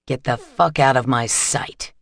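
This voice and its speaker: A man voicing a menacing male vampire warrior who speaks with low, hissing contempt. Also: unhurried, creaky, no room sound, clean studio sound. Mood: snarling.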